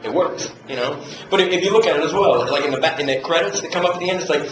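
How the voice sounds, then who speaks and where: At a fan Q&A, a man who is an actor swears freely and laughs while doing impressions as he tells his stories, all very animated. He talks very fast in a fairly high voice. The audio comes from a handheld camcorder in the crowd, in an echoey room with background noise.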